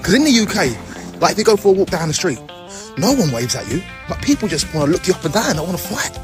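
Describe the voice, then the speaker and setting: A man vlogs while out walking on a street, amused and animated, his fairly high voice swinging widely in pitch. Music plays clearly underneath. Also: quick pace. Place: outdoors on a street.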